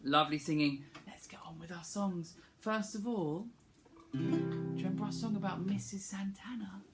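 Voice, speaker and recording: A music teacher leading young children through a playful singing warm-up, encouraging them and demonstrating the sounds to copy. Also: mid-range voice, normal speed.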